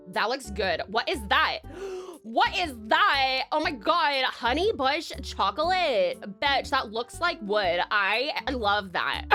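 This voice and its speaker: A woman's voice: sits high, lively intonation, slow, pushed and bright, soft background music. A young woman streaming live, greeting chat, gushing and swearing casually, calling viewers darling. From Tasmania, Australia.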